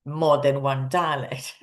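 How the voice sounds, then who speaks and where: A woman from Sardinia with an Italian accent, teaching in English in an unscripted talk full of ums, pauses and restarts. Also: a bass voice, fairly even intonation. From Sardinia, Italy. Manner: hesitant, many ums and restarts.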